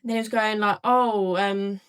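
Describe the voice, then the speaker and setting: A woman's voice: mid-range voice, fairly even intonation, normal speed, a bit bright, smooth. A young woman casually recounting an experience, with lots of filler words. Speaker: storyteller in a clip. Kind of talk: casual storytelling.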